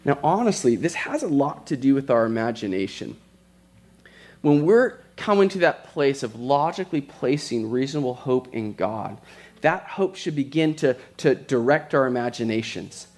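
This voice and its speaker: A man as pastor, preaching a sermon in a conversational way and telling stories with quick asides. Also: mid-range voice, expressive, darkish tone.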